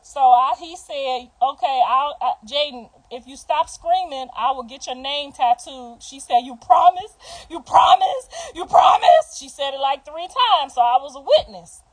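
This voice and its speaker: Middle-aged woman on a livestream, high voice, blunt and cussing, telling stories fast and loud. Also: low-quality recording. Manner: animated, profane and blunt. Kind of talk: livestream storytelling.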